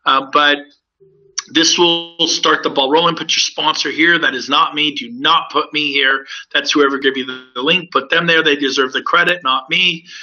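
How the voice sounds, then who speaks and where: A man's voice: a little high, sharp tone. A man, a real estate broker, giving an upbeat, persuasive sales presentation to recruits in a webinar. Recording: dull lo-fi audio.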